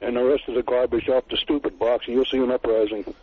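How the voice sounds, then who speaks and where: An older man calling in to a talk show, making calm, blunt remarks. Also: mid-range voice, fast, slightly rough. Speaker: caller. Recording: tinny phone line.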